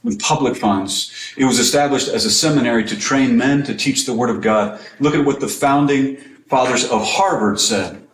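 A man's voice: mid-range voice, normal speed, hardly any pauses, echoey room, slight background noise, low-quality recording. A man teaching in a sermon style, emphatic, asking rhetorical questions and repeating key phrases for weight.

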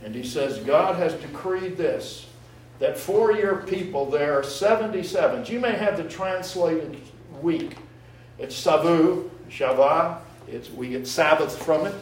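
Unhurried and on the high side, this pastor works through scripture verse by verse, unpacking word meanings for the congregation. The church sanctuary recording is echoey, the voice far off, with slight hiss or hum.

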